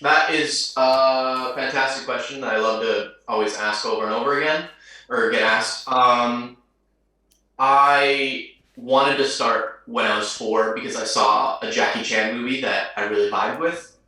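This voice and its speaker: A man's voice: medium pitch, steady tone, measured pace, bright, forceful tone. A young man, an actor guest, telling a story in an upbeat, chatty way. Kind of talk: casual chat. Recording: very echoey, distant mic.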